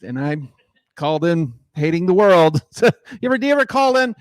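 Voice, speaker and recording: A man's voice: a little high, sing-song, fairly quick, clear, resonant tone, no room sound, clean studio sound. A middle-aged man doing a crude, rambling stand-up set who laughs at his own jokes, on a mic in a small garage room. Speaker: stand-up comedian. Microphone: microphone in a garage.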